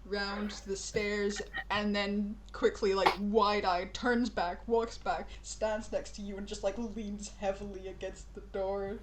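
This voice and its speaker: A woman's voice: medium pitch, level tone, slow pace, hardly any pauses, background noise. A woman narrating a tabletop game as game master, chatty and laughing. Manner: chatty, laughing, full of "like" and "just".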